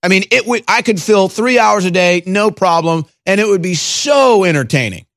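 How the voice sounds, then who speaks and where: A man's voice: high voice, animated, moderate pace, a bit bright, dry recording, clean studio sound. Sarcastic man hosting a talk show. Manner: sarcastic, scornful, with stammered restarts. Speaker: political talk show host. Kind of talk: casual political commentary.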